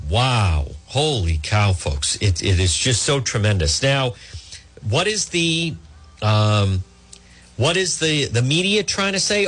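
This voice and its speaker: A man hosting a political talk radio show, talking in an animated, emphatic way and mocking the voices of opponents. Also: mid-range voice, takes it slowly.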